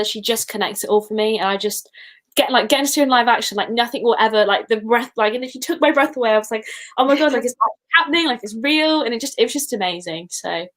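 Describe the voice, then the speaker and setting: A woman co-hosting a casual fan chat, gushing and emotional as she rambles. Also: on the high side. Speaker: podcast co-host; teacher.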